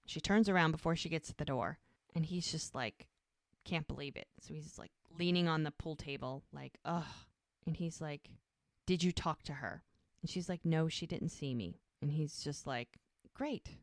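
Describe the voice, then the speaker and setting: A woman with a low-pitched voice co-hosts a podcast, casually recapping a scene and voicing the characters' lines. She talks at normal speed, and the recording is dry and studio quality.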